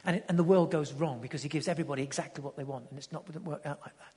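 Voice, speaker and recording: A man preaching a sermon with passion, swinging from loud urging to hushed tones and repeating words as he builds each point. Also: fairly high pitch, rapid-fire, slightly rough. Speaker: pastor. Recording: long hall reverb.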